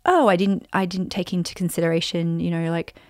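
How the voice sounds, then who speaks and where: A woman's voice: lowish voice, little pitch movement, a little fast, no echo, studio quality. A woman hosting her own show, telling a story in a chatty, rambling way with lots of "like" and "you know". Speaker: podcast host and speaker. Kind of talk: casual storytelling monologue.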